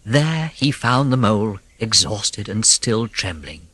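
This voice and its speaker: An audiobook narrator reading a classic storybook, expressive, with whispered moments of suspense. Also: mid-range voice, slow pace, husky, no room sound.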